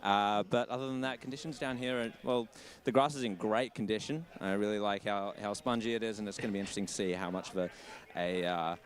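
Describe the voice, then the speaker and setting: Aussie guy on the boundary giving ground conditions, lowish voice, outdoors. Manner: measured, thoughtful with fillers. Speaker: boundary-line reporter. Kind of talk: sideline sports report.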